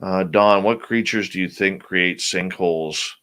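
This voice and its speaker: A man's voice: low-pitched, unhurried, fairly bright tone. A male radio show host in casual chat, drowsily reading out and answering listener questions.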